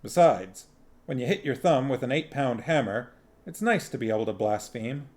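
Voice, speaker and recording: A man reading a novel aloud on a stream, narrating in a slow, deliberate way. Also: mid-range voice, lively intonation, darkish tone. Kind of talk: audiobook-style narration.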